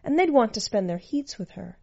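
A woman's voice: fairly high pitch, big pitch swings, fairly quick, dark tone, husky. Woman reading a story, muffled audio. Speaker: narrator. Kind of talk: reading fiction aloud. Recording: muffled lo-fi recording.

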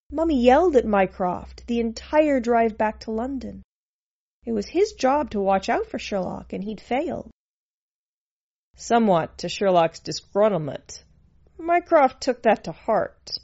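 A woman reading a story aloud, narrating in an expressive, dynamic way. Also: on the high side, unhurried. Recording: muffled lo-fi recording.

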